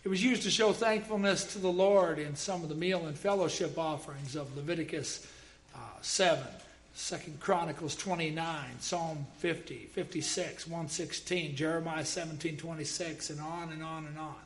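A man's voice: a little high, fairly even intonation, moderate pace, slight background noise. A man preaching a sermon, emphatic, quoting scripture and dropping wry jokes.

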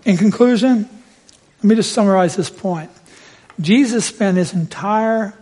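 A middle-aged man preaching a sermon in a church, telling a family story and swelling loud at the climaxes. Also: high voice, normal speed. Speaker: pastor.

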